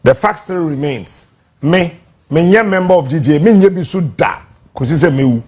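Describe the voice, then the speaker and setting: A man making a defiant, forceful speech in a played clip, repeating himself and mixing languages. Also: on the high side, lively intonation, normal speed, husky.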